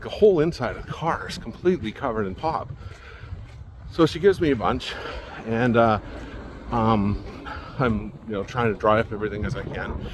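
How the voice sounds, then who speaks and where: Rambling man, lowish voice. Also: background noise. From Manitoba, Canada. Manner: rambling, exasperated, acts out what others said. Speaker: vlogger. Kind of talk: casual storytelling.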